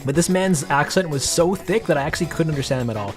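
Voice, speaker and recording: Rambling, excitable young-sounding man. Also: a little high, fast, faint music behind. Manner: rambling, with many restarts and excited bursts. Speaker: game developer showing his work. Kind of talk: casual screen-recorded dev vlog with storytelling.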